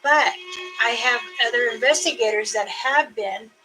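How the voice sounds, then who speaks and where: An older woman, a spiritual elder, talking casually and offering prayers in a halting, unhurried way with many fillers, a little out of breath. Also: a little high, sharp tone, faint music behind, low-quality recording. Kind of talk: casual spoken prayer and talk.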